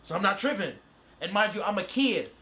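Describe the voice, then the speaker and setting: A man in his twenties telling a story as a podcast guest, profane and animated, jumping into other people's voices. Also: brisk, roomy sound. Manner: animated, profane, acts out quotes in a higher voice. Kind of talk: casual storytelling interview.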